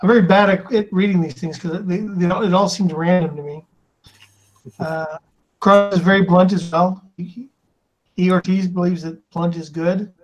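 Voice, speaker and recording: A man with a high voice hosts a casual live drawing stream. He reads the chat aloud in a loose, chuckling way and trips over the usernames. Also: fairly even intonation, normal speed, highs cut off. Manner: reads viewer comments aloud, chuckling, stumbling over names.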